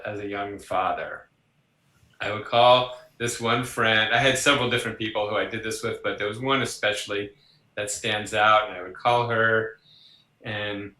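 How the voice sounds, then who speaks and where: A man's voice: medium pitch, echoey room, low-quality recording. A psychologist being interviewed, telling personal stories in a conversational way and acting out the voices he quotes. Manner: animated, acts out quoted voices, laughs along. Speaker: psychologist guest.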